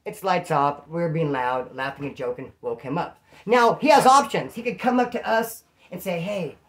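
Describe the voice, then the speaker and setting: A man's voice: fairly high pitch, normal speed. Man with streetwise slang telling stories. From California. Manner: streetwise slang, animated, acts out quotes. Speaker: channel host telling prison stories. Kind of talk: casual storytelling to camera.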